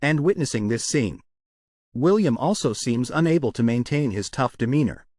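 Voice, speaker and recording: Male narrator, mid pitch, animated contour, dry close sound; recap storytelling. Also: moderate pace, dry recording.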